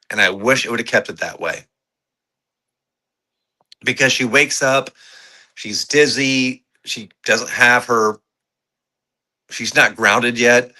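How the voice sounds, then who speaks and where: In casual movie review chat on a podcast, a male co-host speaks with a sharp, forceful tone and a lowish voice, rambling excitedly, swearing, and leaning on lots of fillers.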